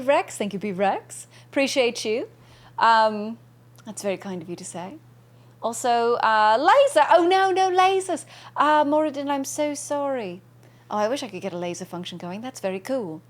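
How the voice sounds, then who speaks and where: A young woman streaming a game, chatting casually and bubbly with viewers and thanking them by name. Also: mid-range voice.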